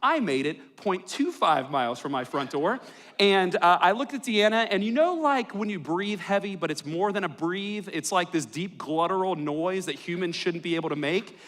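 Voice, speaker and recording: This young pastor's voice is high-pitched, animated and fairly bright, moving at a moderate pace. Preaching in a church worship hall, he tells stories from his own life and cracks self-deprecating jokes.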